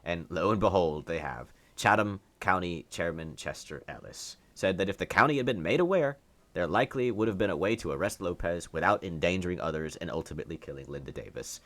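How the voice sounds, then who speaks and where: A young man with a fairly low voice speaks in a heated opinion monologue. He turns sarcastic and indignant, often restarting and repeating words as he argues his point. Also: lively intonation, fairly quick. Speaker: political commentary YouTuber.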